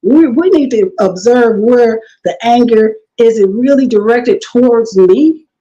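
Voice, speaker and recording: Middle-aged woman, lively storyteller, quotes people in voices, dull lo-fi sound. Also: on the high side, a little slow. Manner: animated, acts out quotes, laughs often. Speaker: guest. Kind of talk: casual storytelling interview.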